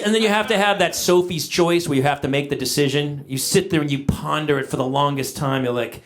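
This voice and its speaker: On stage, a middle-aged man does stand-up comedy, telling stories in an animated, exaggerated way and shouting his punchlines as the audience laughs. His voice is fairly high-pitched and brisk.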